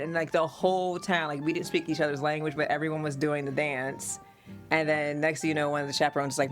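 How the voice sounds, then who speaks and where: A woman from the United States, a podcast host and mother, telling family stories in an animated, casual way and laughing often. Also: deep voice, fairly quick, faint music behind.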